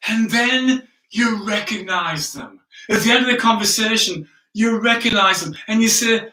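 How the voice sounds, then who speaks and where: A man's voice: sits high, moderate pace, pushed and bright. A man preaching a sermon, telling a story in a chatty, self-mocking way and often checking in with the listeners. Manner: chatty, self-mocking, frequent "right?" asides. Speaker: pastor. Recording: echoey room, distant from the mic.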